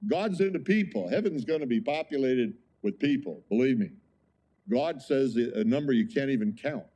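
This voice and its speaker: A man's voice: medium pitch, lively intonation, normal speed, warm tone. A male pastor preaching a sermon in an emphatic, conversational way, often asking the congregation rhetorical questions.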